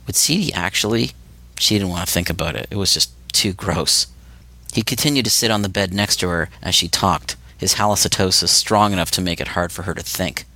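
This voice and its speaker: A man reading his own novel aloud as audiobook narrator, steady and measured. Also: sits low, no room sound. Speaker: author and narrator.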